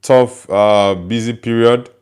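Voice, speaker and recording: A man's voice: mid-range voice, fairly even intonation, slow pace, a little mellow, clear, resonant tone. A Nigerian man, a native Igbo speaker, hosting a casual livestream and chattily answering viewer comments he reads aloud. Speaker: host.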